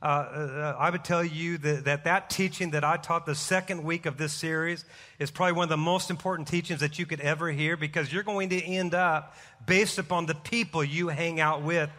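A middle-aged man preaching a sermon as pastor, energetic and joking as he tells a story. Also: a little high, moderate pace. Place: church sanctuary. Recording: live hall reverb.

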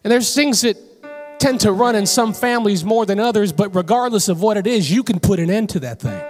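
A woman preaching a sermon in church. She tells a personal story in an animated way and builds to emphatic calls to her listeners. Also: medium pitch, a little fast, soft background music. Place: church sanctuary.

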